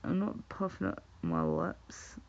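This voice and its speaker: Slow gravelly Scottish woman streaming. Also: very deep voice, huge pitch swings, a little mellow. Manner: chatty, swearing, laughing, repeating words. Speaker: livestreamer. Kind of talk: casual chat with viewers. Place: at home. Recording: dull lo-fi stream audio.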